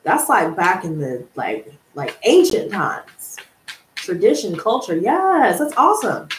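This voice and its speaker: A woman hosting a live tarot stream, reading out viewer comments and answering them in a gushing, excitable way that breaks into laughter. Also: medium pitch, unhurried. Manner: excitable, gushing, calls viewers girl and honey, bursts of laughter. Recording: echoey room with faint noise.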